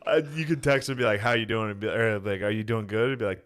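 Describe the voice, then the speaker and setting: A man's voice: fairly low pitch, lively intonation, fast, hardly any pauses. A man in his thirties co-hosting a podcast, joking and laughing through casual banter. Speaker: podcast co-host.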